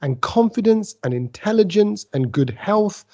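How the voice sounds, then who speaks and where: A man, hosting a casual podcast chat and telling animated stories. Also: sits high, measured pace. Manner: animated storyteller, puts on silly voices. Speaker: podcast host. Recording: dull lo-fi podcast audio.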